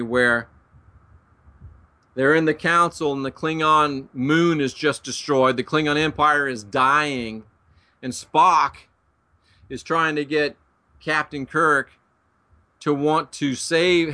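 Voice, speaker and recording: Male Bible teacher, preachy and emphatic, folksy asides, bright, forceful voice. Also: a little high. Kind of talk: preaching-style lecture to viewers.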